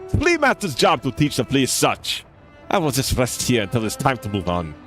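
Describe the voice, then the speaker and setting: A man's voice: medium pitch, wildly swooping pitch, normal speed, fairly bright tone, faint music behind. A man doing a fussy bug brewer in mock French. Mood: grumbling. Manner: broken, clipped English. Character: gruff male bug brewer, fussy and doting.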